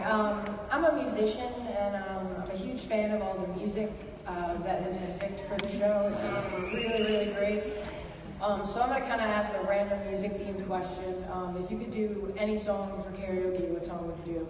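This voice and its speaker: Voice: mid-range voice, steady tone, brisk, slight background noise. Hesitant fan asking question, dull echo. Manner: hesitant, many "um"s. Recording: dull echoey hall sound from far off.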